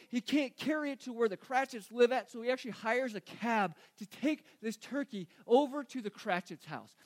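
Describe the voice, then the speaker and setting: A man preaching a sermon as a pastor, earnest, often repeating phrases and asking rhetorical questions. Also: very high-pitched.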